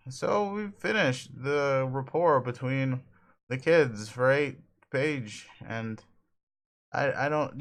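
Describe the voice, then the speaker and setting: A man reading a comic aloud and breaking off for offhand asides. He hesitates and restarts as he talks. His voice sits in an ordinary middle pitch. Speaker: comic reader. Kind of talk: casual aside while reading.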